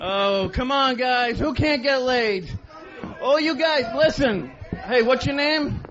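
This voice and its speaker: Shouting, high-voiced aggressive comic. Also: male voice, lively intonation, takes it slowly. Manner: aggressive, heckling the crowd, shouting. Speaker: amateur stand-up comic. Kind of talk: stand-up set. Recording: muffled radio broadcast, noisy.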